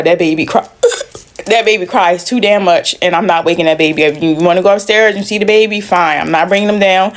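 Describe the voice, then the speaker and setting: A woman telling a personal story in a casual storytime style, emphatic and repeating phrases for effect. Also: medium pitch.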